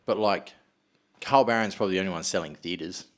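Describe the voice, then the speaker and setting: A man with an Australian accent and a fairly low voice, hosting a casual podcast. He tells stories in a loose, animated way, swears often and acts out the lines of the people in them. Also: brisk. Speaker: podcast host.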